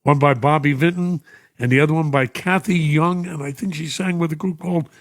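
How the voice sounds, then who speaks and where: Older radio host, emotional, dry studio sound. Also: male voice, fairly high pitch, brisk, no room sound. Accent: New York. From United States. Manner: warm, emotional, chuckling often. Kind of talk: radio show reading listener messages. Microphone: studio microphone.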